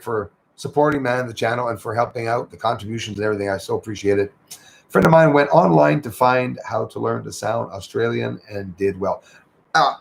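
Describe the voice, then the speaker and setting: A man's voice: mid-range voice, vocal fry. A Canadian man hosting a casual livestream, chatting loosely and thanking viewers by name as he reads their comments. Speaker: livestream host.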